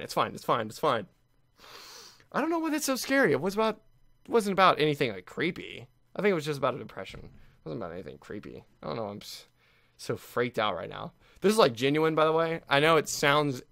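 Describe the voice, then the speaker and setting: A man's voice: a little high, vocal fry, a bit bright, dry recording, studio quality. A young man playing through a game on camera, reading its text aloud and reacting in a jumpy, nervous way, often repeating himself. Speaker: let's play gamer.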